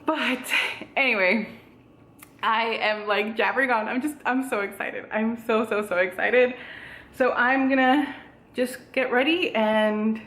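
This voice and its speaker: In an echoey room at home, a young woman vlogger talks casually to her tripod camera, out of breath, bubbly and rambling with many "like"s and "um"s. Her voice is fairly high and fairly bright, with fairly even intonation and a slightly slow pace.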